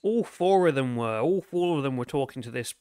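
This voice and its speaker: A man's voice: medium pitch, lively intonation, fairly quick, dark tone, clean tone, no echo, clean studio sound, lightly acted. A man voicing a surly, foul-mouthed bar dancer who swears constantly in a tabletop game. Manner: swears constantly, grumbling and cagey.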